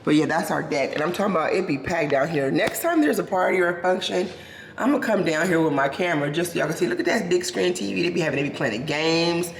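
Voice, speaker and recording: A woman's voice: low voice, slight background noise, rough recording. A woman in her forties vlogging in casual chat, blunt and profane with joking asides. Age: 40s. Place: in a car.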